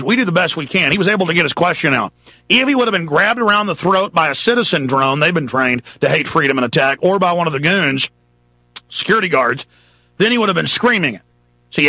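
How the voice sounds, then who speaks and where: A man's voice: fairly high pitch, pushed and bright, no echo. A man hosting a talk radio show, ranting in a rambling, dramatic monologue.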